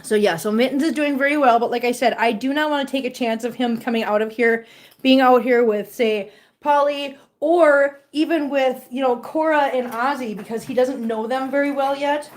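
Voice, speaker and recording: A woman's voice: high-pitched, fairly even intonation, moderate pace. A woman chatting casually at home, talking doting baby talk to her cats and chatty asides to her viewers. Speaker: cat owner vlogger. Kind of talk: casual chat to pets and viewers.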